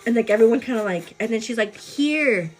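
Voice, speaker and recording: A woman's voice: a little high, very fast. A young woman vlogger telling a story casually, acting it out with gasps and cries. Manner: animated, acts out the scene with cries and gasps.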